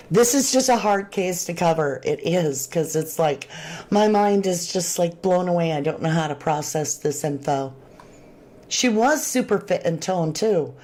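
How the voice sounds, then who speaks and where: A woman's voice: on the low side, a little slow. A woman hosting a true crime livestream, chatting casually and reading viewer comments aloud. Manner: chatty, animated, Southern-tinged slang.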